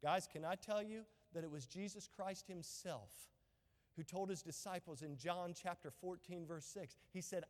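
Preacher guy, really high voice, gets worked up and shouts, big echoey church. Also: moderate pace. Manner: impassioned preaching, rising to shouts. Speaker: pastor. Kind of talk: sermon. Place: church sanctuary.

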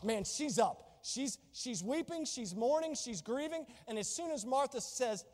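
A man's voice: extremely high pitch, expressive, unhurried, a little mellow, in a large hall. A man preaching a sermon as pastor, fervent and exclamatory, reading and explaining scripture.

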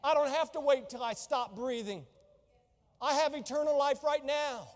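A man's voice: very high voice, moderate pace, long reverb tail. A man preaching a sermon as pastor, fervent and exclamatory, reading and explaining scripture.

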